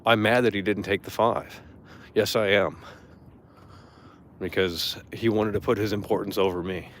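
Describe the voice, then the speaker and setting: A man's voice: lowish voice, steady tone, moderate pace, a bit bright, slight background noise. Angry ranting man, swearing freely. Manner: mocking impressions in a raised voice. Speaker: streamer. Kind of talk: casual ranting monologue.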